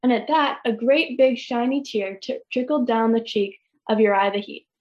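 Woman storyteller, expressive read-aloud, slightly high voice, dull lo-fi sound. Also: normal speed. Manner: gentle, expressive, occasional stumbles. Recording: dull lo-fi recording.

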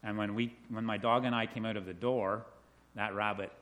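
Middle-aged guy telling kids a story, lots of questions, chatty and animated. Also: on the low side, normal speed, a little hiss or hum. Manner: animated, asks questions, laughs often. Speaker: children's talk leader. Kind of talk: friendly storytelling to children. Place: indoors with a group of children.

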